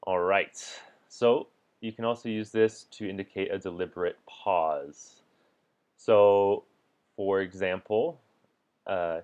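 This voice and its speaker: A man with a lowish, smooth and clear voice explains language points step by step. He keeps a relaxed teaching manner and lets out small chuckles between examples. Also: slow pace, long pauses, muffled recording.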